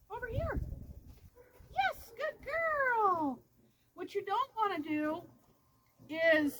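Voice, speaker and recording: A woman dog trainer explaining each step plainly, outdoors near a road. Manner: explains steps plainly, praises the dog in a high sing-song voice. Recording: loud background noise.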